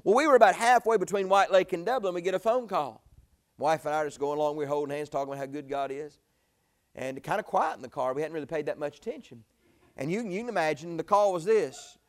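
A man, preaching a sermon in a folksy storytelling way, jumping from loud exclamations to quiet asides. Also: fairly high pitch, fast. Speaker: pastor.

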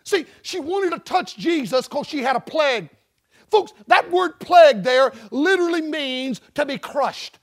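A male preacher delivering a folksy sermon to a congregation, mixing jokes and stories with rising, shouted emphasis. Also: very high-pitched, expressive, a little slow. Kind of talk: sermon with storytelling. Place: church building before a congregation.

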